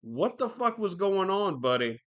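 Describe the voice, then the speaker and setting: A man's voice: sits high, very animated, unhurried. A man hosting a podcast alone, rambling through casual commentary with constant swearing and fillers. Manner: profane, rambling, lots of fillers. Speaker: podcast host.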